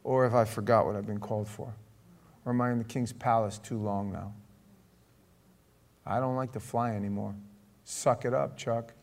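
A middle-aged man preaching a sermon, telling a story with lively acted-out dialogue. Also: on the low side, moderate pace, vocal fry, pauses often. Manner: storytelling, animated, acts out dialogue. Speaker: pastor.

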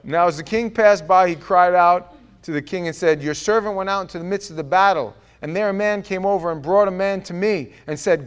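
A man's voice: high voice, brisk, smooth. A man preaching a sermon, joking and acting out the scripture with voices. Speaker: pastor.

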